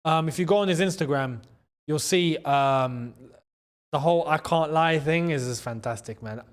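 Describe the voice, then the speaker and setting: A young man with a London accent hosting a live football watchalong, chatting in slang and breaking into excited shouts at big chances. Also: fairly high pitch, normal speed. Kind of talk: live match watchalong commentary.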